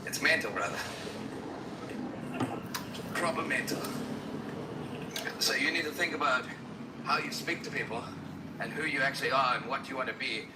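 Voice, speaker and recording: A man's voice: mid-range voice, moderate pace, long pauses. A man calling into a live stream, confrontational and scolding the host. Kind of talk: heated argument. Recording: roomy, distant call audio with background noise.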